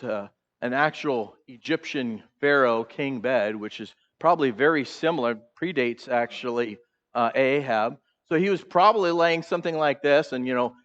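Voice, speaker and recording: A male pastor preaching a sermon, animated, acting out the characters' voices and putting questions to the congregation in a church. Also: mid-range voice, smooth, highs cut off. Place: church sanctuary.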